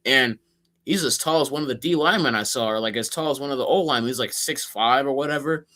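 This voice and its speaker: Male co-host from Minnesota, relaxed fan talk, mid pitch, loose and rambling. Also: fast talker. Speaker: podcast co-host. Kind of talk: casual sports podcast chat.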